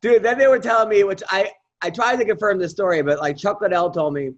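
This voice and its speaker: A man on a podcast telling profane, animated stories in a casual chat. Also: sits high, fast talker, slight background noise. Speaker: podcast guest comedian. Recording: dull lo-fi audio.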